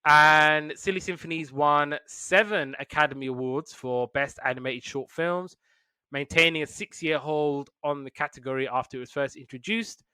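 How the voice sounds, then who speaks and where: Bright, animated male podcast host. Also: on the high side, moderate pace, clean tone, dry recording, studio quality. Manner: animated storytelling with put-on voices. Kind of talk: casual chat.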